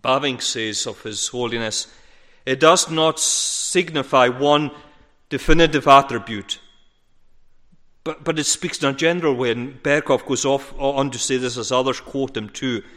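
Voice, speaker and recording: A man preaching a sermon in an earnest, measured way, leaning hard on repeated words. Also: mid-range voice, a bit bright. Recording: hall reverb.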